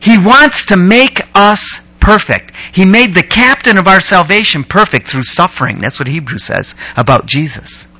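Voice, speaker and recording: Male pastor, high and bright, playful sermon delivery that teases the room and builds to excited peaks. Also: normal speed, few pauses. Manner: joking, teasing the audience between scripture points. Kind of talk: sermon to a youth group.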